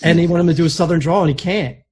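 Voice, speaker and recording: A man co-hosting a casual podcast chat, telling stories in a rambling, animated way with many restarts. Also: on the high side, rapid-fire, breathy edge. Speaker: podcast co-host.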